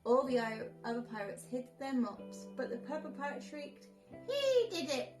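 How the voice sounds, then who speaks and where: A woman from a nursery reading a bedtime story aloud in a lively, expressive way. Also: fairly high pitch, normal speed, music in the background. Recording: echoey room.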